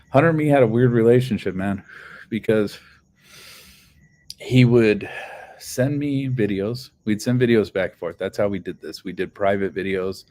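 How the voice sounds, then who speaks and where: A man with a fairly low, warm voice tells a heated, heavily profane story over a phone on a casual livestream, rambling loosely and often starting over. There's slight background noise.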